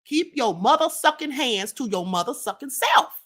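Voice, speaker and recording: A woman's voice: high voice, sing-song, moderate pace, few pauses, fairly bright tone. A woman hosting a live-stream commentary show, talking bluntly and emphatically, repeating her points and speaking straight to her chat. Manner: addresses the chat directly. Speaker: livestream show host.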